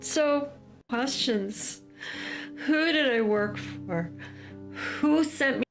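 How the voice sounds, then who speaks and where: An American woman tells her story of a personal ordeal for a documentary interview, frequently voicing the lines of others. Her high voice has lively intonation, drawn-out words, and vocal fry, with soft music playing underneath.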